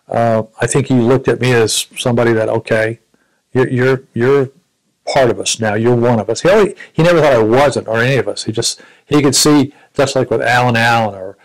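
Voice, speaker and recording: An older man in his seventies with a gravelly, creaky voice tells stories of his service. He speaks reflectively, often stopping and restarting his sentences. His pitch sits at an ordinary middle height. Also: rough recording. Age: 70s. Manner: reflective, halting storytelling with frequent restarts. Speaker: Vietnam War veteran interviewee. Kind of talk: recounting personal memories.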